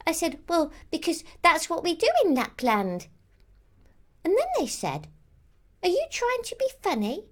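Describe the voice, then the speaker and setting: A woman's voice: very high voice, wildly swooping pitch, measured pace, full character voice. A woman playing a childlike female Christmas elf who rambles on with lots of "like" and "um". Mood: rambling. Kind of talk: character monologue to camera.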